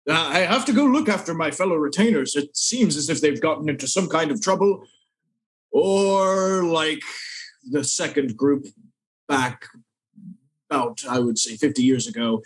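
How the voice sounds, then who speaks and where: A man's voice: a little high, fairly bright tone, husky. Theatrical man playing a tabletop character. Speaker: player. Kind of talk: in-character tabletop role-play.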